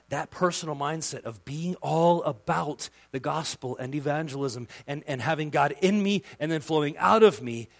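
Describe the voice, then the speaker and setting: A male pastor preaching a sermon with passion, dropping to a hush and then rising to loud emphasis. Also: mid-range voice. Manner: impassioned, swings from hushed to loud emphasis.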